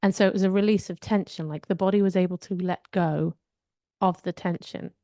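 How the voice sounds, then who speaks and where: A woman's voice: lowish voice, fairly even intonation, a little fast, warm tone, no echo, studio quality. A woman co-hosting a podcast, telling personal stories in a candid, reflective way during a casual chat. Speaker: podcast co-host.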